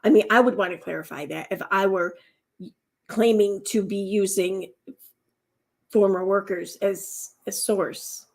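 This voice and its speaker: Husky-voiced sarcastic woman commentator. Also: mid-range voice, steady tone, unhurried, a little mellow. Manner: sarcastic, musing, filler-heavy. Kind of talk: casual reaction commentary.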